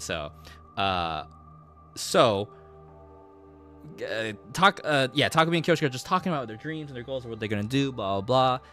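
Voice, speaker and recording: A man's voice: medium pitch, fairly bright tone. Rambling, cursing male streamer. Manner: rambling, profane storytelling with many fillers. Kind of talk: casual game recap.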